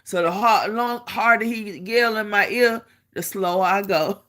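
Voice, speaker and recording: Animated woman telling a story. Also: medium pitch, a little slow. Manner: animated, acts out quotes, laughs while telling. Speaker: vlogger. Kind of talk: casual storytelling.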